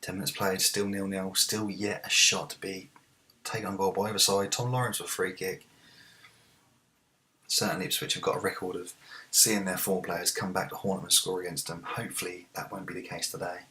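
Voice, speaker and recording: A man hosting a let's-play, commentating on a football management game and shouting at the big moments. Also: low-pitched, little pitch movement, a little fast. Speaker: gaming video host.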